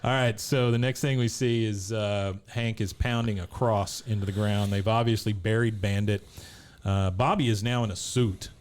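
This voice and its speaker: A man's voice: lowish voice, steady tone, normal speed, darkish tone, a little hiss or hum. A man co-hosting a podcast, casually recapping an episode scene by scene and laughing at the characters. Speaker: podcast co-host.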